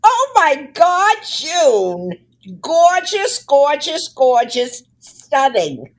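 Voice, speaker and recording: A loud, gushing old great aunt in a comedy sketch, with a high voice that swoops far up and down as she draws out every word slowly. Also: big pitch swings, heavily acted. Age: older.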